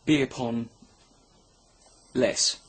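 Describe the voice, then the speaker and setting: A man's voice: medium pitch, fairly even intonation, extremely slow, a little hiss or hum. A man rambling through a crude, sarcastic comedy monologue, filming himself at home on his camera. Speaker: comedy vlogger. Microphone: camera mic.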